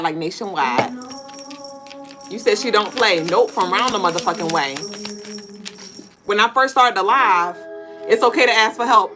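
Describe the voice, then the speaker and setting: A woman hosting a live spiritual reading stream, talking in an animated, profane, laughing way and breaking into chants. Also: medium pitch. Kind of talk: casual live-stream tarot-style reading.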